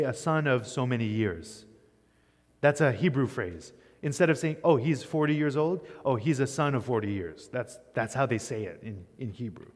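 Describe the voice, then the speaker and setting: Man teaching in a reverberant hall. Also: on the high side. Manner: conversational, keeps asking "right?". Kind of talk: classroom Bible lecture. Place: church.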